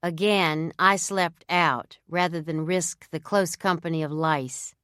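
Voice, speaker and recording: A woman narrating a novel in the first person with a measured, even storytelling manner. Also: lowish voice, clean tone, no echo, clean studio sound. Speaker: audiobook narrator.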